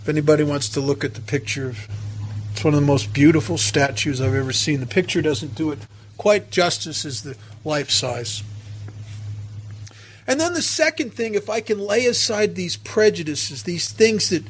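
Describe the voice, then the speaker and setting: At a recovery meeting, a man from the United States tells his own story in a high-pitched voice with a breathy edge. He moves back and forth between being emotional and poking fun at himself.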